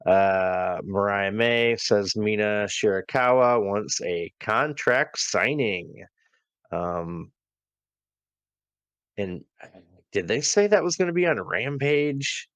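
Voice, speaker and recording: A man's voice: fairly low pitch, expressive, takes it slowly, fairly bright tone, smooth, no room sound. A man co-hosting a casual wrestling review podcast, talking in a laid-back way with many fillers as he reads from his notes. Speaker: podcast co-host.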